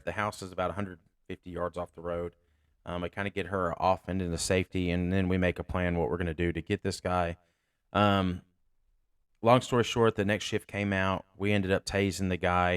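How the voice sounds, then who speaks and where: A sheriff's deputy hosting a podcast, telling a tense story in a blunt, candid, profane way. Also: male voice, deep voice, smooth, dry recording, studio quality. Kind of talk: casual storytelling.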